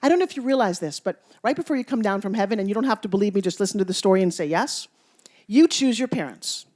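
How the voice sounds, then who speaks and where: A fast-talking woman with an expressive, mid-range voice gives a motivational speech to a live crowd. Her stories come laced with playful teasing, moving between booming moments and whispered asides.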